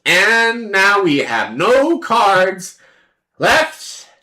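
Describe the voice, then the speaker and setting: A woman's voice: medium pitch, sing-song, drawn-out words, sharp tone. A woman streamer giving casual commentary on a card game, playful and sarcastic, acting out both sides of the table and swearing freely.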